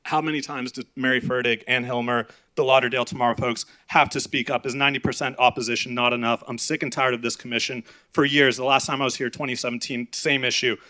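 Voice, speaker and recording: A man's voice: medium pitch, steady tone, fast talker, few pauses, bright, forceful tone. A young man giving an urgent, impassioned public comment at a city meeting, reading a prepared statement.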